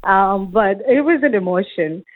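A woman's voice: mid-range voice, expressive, a little slow. A woman from India calling into a radio show, telling her story in an eager, chatty way with many fillers. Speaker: guest on a phone line. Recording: tinny phone line.

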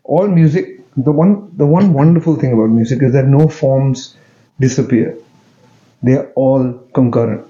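A man, answering interview questions in a relaxed, joking way with many fillers and restarts. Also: mid-range voice, moderate pace, highs cut off. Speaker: interview guest, music director.

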